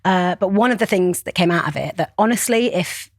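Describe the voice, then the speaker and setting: A woman's voice: lowish voice, animated, fairly quick, no echo, studio quality. A woman, a brand founder speaking passionately and articulately as a podcast guest. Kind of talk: podcast interview.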